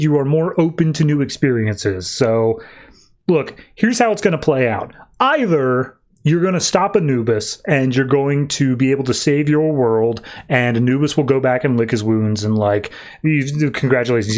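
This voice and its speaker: A man's voice: a little high, lightly acted. A man voicing an ancient male god-spirit who gives advice in a blunt, offhand and indifferent way.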